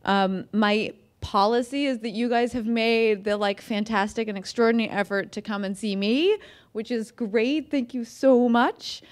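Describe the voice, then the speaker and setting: A woman's voice: a little high, moderate pace. An American woman author talking casually to an audience, chatty and self-deprecating, with lots of fillers and restarts. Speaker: author giving a talk. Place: museum event room.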